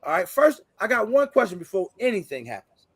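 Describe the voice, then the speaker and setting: A man's voice: high-pitched, very animated, fairly quick, breathy edge, no echo, studio quality. A man hosting a casual livestream chat, laid-back and joking, full of slang. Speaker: podcast host.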